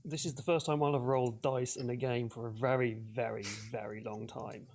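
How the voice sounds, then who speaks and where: A man's voice: mid-range voice, level tone, brisk, creaky, darkish tone. A man playing a tabletop role-playing game, talking hesitantly about his moves. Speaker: player.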